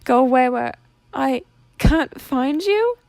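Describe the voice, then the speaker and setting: A woman's voice: medium pitch, flat delivery, moderate pace, no echo, lightly acted. A woman voicing a hurt, tearful teenage demon girl who sobs and pleads. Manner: sobbing, pleading, voice breaking.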